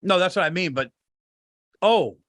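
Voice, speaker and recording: A man co-hosting a podcast in casual chat, excitable and swearing, often restarting his sentences. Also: high-pitched, moderate pace. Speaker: podcast co-host.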